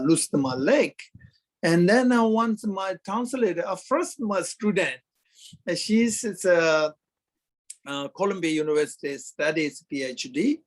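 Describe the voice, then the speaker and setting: A Tibetan man in his fifties, a Buddhist lama, tells his story in hesitant broken English with many pauses and fillers. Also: fairly high pitch. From Kham, Tibet. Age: 50s. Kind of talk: halting interview storytelling.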